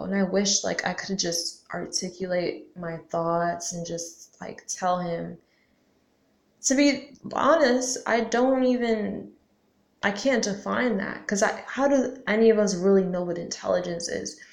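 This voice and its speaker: A woman's voice: mid-range voice, a little slow, creaky. A young woman talking casually to camera as a vlogger, slangy and full of questions, often saying "like" and cursing now and then. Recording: roomy echo.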